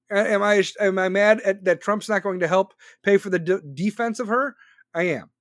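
A man's voice: high-pitched, animated, moderate pace, no room sound, studio quality. A man in his forties hosting a podcast, ranting bluntly and profanely about politics. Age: 40s. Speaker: podcast host. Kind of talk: casual political rant.

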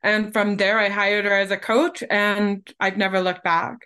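A woman's voice: medium pitch, flat delivery, normal speed, sharp tone, clean tone. A woman in her forties, a keynote speaker and podcast guest, telling her life story animatedly and acting out the dialogue.

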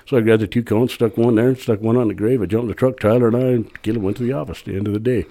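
A middle-aged man, a podcast guest, telling a long rambling story in a casual, animated way with frequent restarts. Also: lowish voice, rapid-fire.

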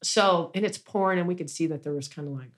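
A woman's voice: lowish voice, quick pace. A woman, a small business owner, telling a long story in a casual interview, rambling with many restarts and an indignant edge.

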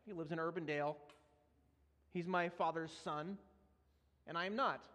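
Young man, preacher, earnest personal testimony, high voice, long hall reverb. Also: fairly even intonation, moderate pace, fairly bright tone, dull audio. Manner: earnest storytelling, laughs at himself.

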